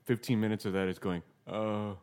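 A man's voice: on the low side, steady tone, brisk, darkish tone, clean tone. A man co-hosting a podcast in casual chat, rambling and wry, often restarting his sentences. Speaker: podcast co-host.

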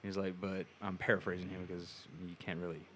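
A man's voice: low-pitched, level tone, fast, a bit bright, slight background noise. A man co-hosting a casual podcast chat, rambling and crude, with many fillers and restarts.

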